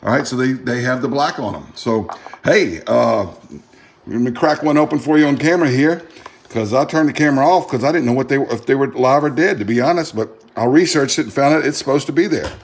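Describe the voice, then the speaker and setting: A middle-aged man from the Gulf South speaks brisk and mid-range, with a Southern accent. As a home cooking vlogger, he keeps it casual, chatty, and folksy, tasting the food and voicing his thoughts as they come.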